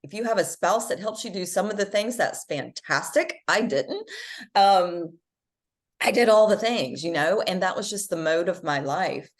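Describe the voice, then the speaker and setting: A woman's voice: expressive, moderate pace. A middle-aged woman talking earnestly as a podcast guest, emphatic and encouraging. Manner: emphatic, earnest, speaks in sweeping swings of pitch. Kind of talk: motivational conversation.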